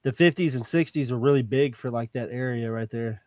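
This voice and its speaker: A man's voice: mid-range voice, fairly quick, a little mellow, no echo, clean studio sound. A man, co-hosting a podcast and chipping in with trivia and local history in casual chat. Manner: adds trivia and local facts. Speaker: podcast co-host.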